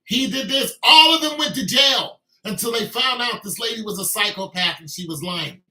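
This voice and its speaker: A man's voice: very high-pitched, normal speed, bright, forceful tone. A man delivering an emphatic, repetitive, scolding rant as a video commentator. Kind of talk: ranting commentary. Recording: echoey room.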